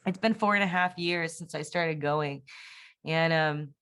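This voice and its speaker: Deep, clear and resonant with a bit of brightness, this young woman's voice moves at a measured pace. As an interview guest she tells a personal testimony casually and candidly, rambling with frequent fillers and restarts.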